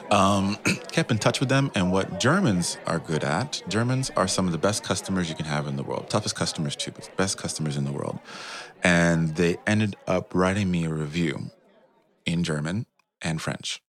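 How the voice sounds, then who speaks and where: A man, a guest on an interview show, telling an animated story about founding his tour company and laughing often. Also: deep voice, normal speed. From United States.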